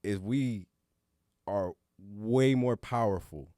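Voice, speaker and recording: Taking things slowly in a lowish, dark voice, the man reflects earnestly as co-host of a casual podcast roundtable, letting an occasional casual swear slip. He's an adult with a young son, and the recording is clean studio sound with no echo.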